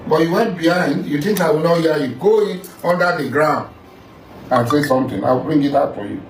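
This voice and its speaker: This middle-aged Nigerian man's voice runs a little high, with slight background noise. As a political figure in a confrontational monologue, he accuses, repeats himself, and addresses the listener head-on. The recording is echoey and distant, with faint music.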